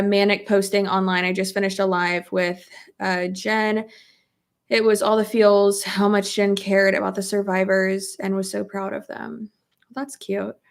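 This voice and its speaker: A young woman with a cold-stuffed nose talks through her makeup routine in a loose, blunt way. She swears freely and reads comments aloud as she goes. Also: mid-range voice. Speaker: beauty vlogger. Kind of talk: casual get-ready-with-me chat while doing makeup. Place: home, at a makeup table.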